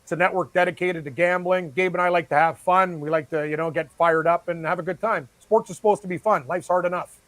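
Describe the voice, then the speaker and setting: Male guest, sports gambling pundit, high-pitched voice, dry close sound, energetic rambling. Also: dry recording. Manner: excitable, fast-rambling, laughs easily. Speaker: sports betting analyst guest. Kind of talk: casual chat.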